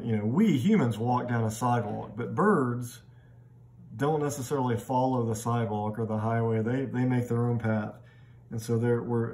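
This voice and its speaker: A middle-aged literature lecturer speaks about poetry in a recorded lecture, his voice relaxed, conversational and of ordinary pitch. Thinking aloud, he often restarts with doubled words, and he slows down to sound out poem lines when he reads them.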